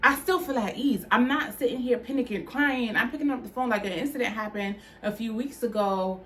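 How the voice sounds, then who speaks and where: A woman, talking straight to camera about her faith in an open, conversational way. Her voice sits a little high, and she leans on "like" as she talks. A light room ambience hums faintly under her. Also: brisk, a bit bright, a little hiss or hum. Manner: candid, conversational, heartfelt, with frequent "like" fillers. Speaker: vlogger. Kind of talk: personal testimony vlog.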